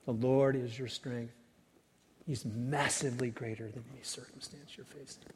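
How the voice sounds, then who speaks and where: A man preaching a sermon as pastor, rising to loud cries and falling to hushed whispers. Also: medium pitch, husky. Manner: dynamic preaching, swells loud then drops to whispers. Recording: long hall reverb.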